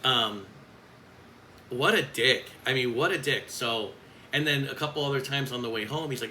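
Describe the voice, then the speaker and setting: A man's voice: mid-range voice, fairly quick, pushed and bright, a little hiss or hum, poor audio. A man who works as a coach, speaking in a bitter, blunt and profane vlog rant.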